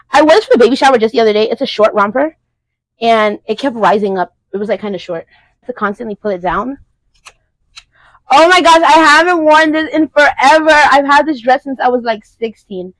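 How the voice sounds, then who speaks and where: A woman's voice: high voice, fairly bright tone, rough recording. A young woman chatting casually and playfully in a clothing try-on vlog, with joking asides. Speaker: vlogger.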